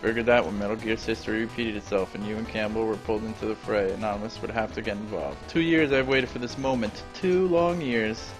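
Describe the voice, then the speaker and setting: A man reading aloud the lines of a vengeful, scheming male commander from a video game, in a plain, flat reading voice over faint game music. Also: lowish voice, fast, few pauses, lightly acted, low-quality recording. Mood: menacing. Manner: reads villain dialogue aloud flatly.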